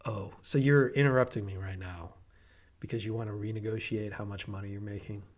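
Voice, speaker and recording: Husky-voiced man telling laid-back stories. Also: on the low side. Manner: relaxed, profane, halting storytelling. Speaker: director, podcast host. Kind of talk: casual podcast chat.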